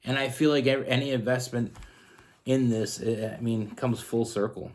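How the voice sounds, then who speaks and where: A man's voice: medium pitch, fairly even intonation, moderate pace. A man from Canada giving a casual tarot love reading, earnest and rambling with frequent restarts. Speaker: tarot reader.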